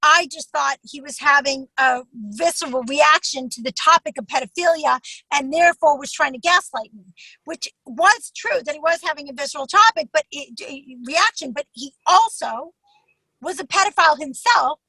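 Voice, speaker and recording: A woman's voice: high voice, normal speed, pushed and bright, dry recording, poor audio. A woman telling a personal story as an interview guest, intense and often quoting others in their voices. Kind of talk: emotional personal account.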